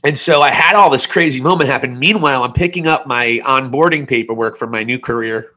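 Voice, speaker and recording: Bright-voiced man in his forties, rambling. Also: mid-range voice, fairly quick. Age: 40s. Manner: rambling, candid storytelling with self-mocking jokes. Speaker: podcast co-host. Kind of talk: casual podcast chat.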